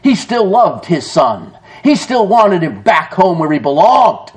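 A man preaching a sermon in an animated way, often laughing and calling his listeners folks. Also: high-pitched, measured pace. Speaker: pastor.

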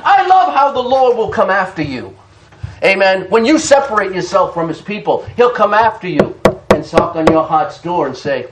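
A male pastor preaching an animated sermon, chuckling often and calling out to the congregation. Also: sits high, moderate pace, slight background noise. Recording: roomy church echo.

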